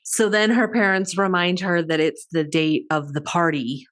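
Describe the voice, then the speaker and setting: A woman's voice: lowish voice, moderate pace. A woman co-hosting a podcast, animatedly retelling a film's scenes in casual chat. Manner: animated retelling with quoted voices. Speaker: podcast co-host. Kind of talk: casual movie discussion.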